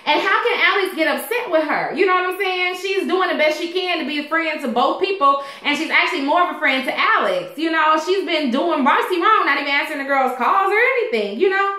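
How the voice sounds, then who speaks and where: A woman casually recapping a TV episode, chatty and animated, acting out the characters and a little tipsy. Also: extremely high pitch, a little fast, few pauses, reverberant. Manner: chatty, animated, loud quoting of characters, frequent laughs. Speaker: TV recap host.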